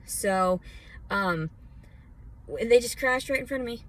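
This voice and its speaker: A woman's voice: fairly high pitch, expressive, measured pace, fairly bright tone. A woman from Arkansas ranting angrily and with lots of swearing into her phone outdoors. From Arkansas, USA. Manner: heated, profane, rambling. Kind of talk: angry rant vlog. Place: outdoors outside a department store.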